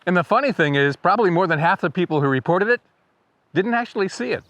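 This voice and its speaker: A man with a fairly high voice, running a casual birding lesson in a friendly, wry tone. He sometimes imitates bird songs with his voice. There is faint background noise, with birds singing in the distance. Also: lively intonation, fast, a bit bright. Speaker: birding guide and video host. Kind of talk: casual educational video narration.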